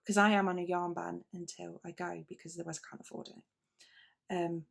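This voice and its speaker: A British woman with a low-side voice, flat delivery, normal speed and vocal fry hosts a knitting video podcast. Chatting casually to camera in British English, she rambles with frequent asides, self-interruptions, restarts and fillers.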